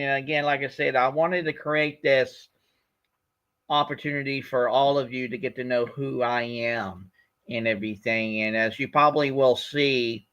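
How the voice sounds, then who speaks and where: A man in his fifties hosts an online livestream, rambling through his life story with lots of "uh" and restarts. His voice sits at a middle pitch and comes through a dull, lo-fi connection. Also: a bit bright. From Florida. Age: 50s. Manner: rambling, with many fillers and restarts. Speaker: host. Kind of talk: livestream chat.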